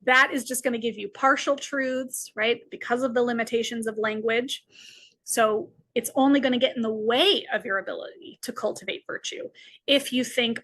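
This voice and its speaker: Bright-voiced woman giving a lecture. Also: on the high side, fairly even intonation, moderate pace. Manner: frequent tag questions, explanatory. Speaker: philosophy lecturer. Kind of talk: recorded lecture.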